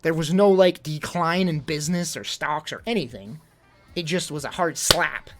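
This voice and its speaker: A man's voice: on the high side, moderate pace, soft background music. A young man venting in casual livestream chat, rambling and exasperated, full of fillers.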